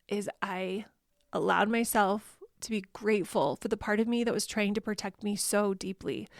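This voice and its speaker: A woman's voice: medium pitch, dry recording, clean studio sound. A woman hosting a parenting podcast, talking in an earnest, heartfelt way and now and then correcting herself. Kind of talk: reflective solo podcast monologue.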